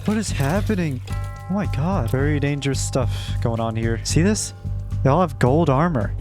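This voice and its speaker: A man narrating his own gameplay in a wry, casual way, breaking into jumpy, excitable reactions. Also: mid-range voice, normal speed. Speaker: gaming video creator. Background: background game music.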